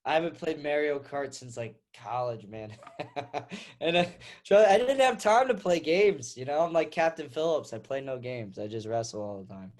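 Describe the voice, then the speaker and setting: Young man, casual interview chat, laid-back, laughs often, slightly higher pitch. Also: animated, normal speed. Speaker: wrestler guest.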